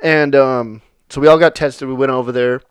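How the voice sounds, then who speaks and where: A man's voice: medium pitch, steady tone, moderate pace, clear, resonant tone, dry recording, studio quality. A man chatting casually on a podcast, telling stories with lots of swearing and laughter. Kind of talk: casual chat.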